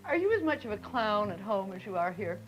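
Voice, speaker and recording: A woman's voice: medium pitch, very animated, fairly quick, highs cut off, faint music behind. A woman moderating a 1950s broadcast student panel, friendly and laughing as she introduces guests and steers the talk.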